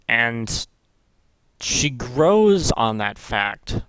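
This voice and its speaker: A man's voice: mid-range voice, animated, a little slow, a bit bright, dry recording. A man vlogging in casual commentary, rambling and swearing, correcting himself as he goes. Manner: rambling, profane, self-correcting. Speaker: gaming vlogger.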